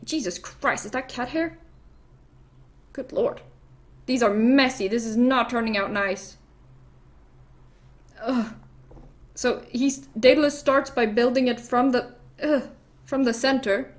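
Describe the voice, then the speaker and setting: A woman telling an old myth in a loose, rambling way, dropping swear words and breaking off to laugh or fuss over something. Her voice sits fairly high, and she talks slowly and without hurry. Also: fairly even intonation. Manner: rambling, swears freely, laughs, easily distracted. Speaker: vlogger. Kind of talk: casual myth retelling while painting nails.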